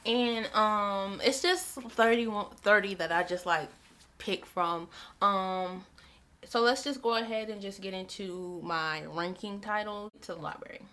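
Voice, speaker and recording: Young female book vlogger, bright voice, loose chatty delivery. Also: medium pitch, unhurried. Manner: chatty, repeats herself, many "like" fillers. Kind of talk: casual chat.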